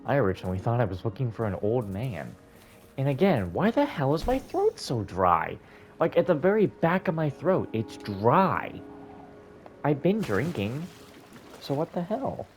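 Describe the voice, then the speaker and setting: A man's voice: medium pitch, very animated, unhurried, darkish tone, soft background music. A man giving casual, rambling commentary while playing a video game. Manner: rambling, complaining. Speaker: gaming streamer.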